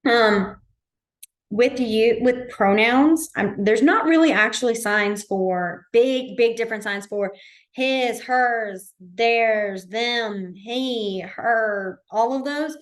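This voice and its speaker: A woman's voice: fairly high pitch, slow. A woman teaching a beginner sign language class in a library, chatty and informal, with lots of fillers and self-corrections. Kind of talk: casual class instruction.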